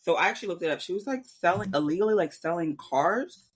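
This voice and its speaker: A woman co-hosting a podcast in casual chat, telling stories bluntly and jumping into excited asides. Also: fairly low pitch, fast, slightly rough. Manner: storytelling, blunt, rises into excited quoted asides. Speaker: podcast co-host.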